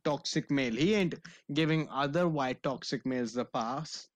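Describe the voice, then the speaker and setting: A man's voice: mid-range voice, normal speed, no echo. A young man co-hosting a podcast, joking and teasing in casual, sweary banter. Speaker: podcast co-host. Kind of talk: casual chat.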